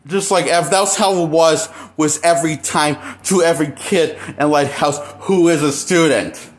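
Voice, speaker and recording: Halting, bitter man with a higher voice. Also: steady tone, faint music behind. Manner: halting and bitter, with trailing pauses and sudden outbursts. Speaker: vlogger. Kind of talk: unscripted monologue to camera.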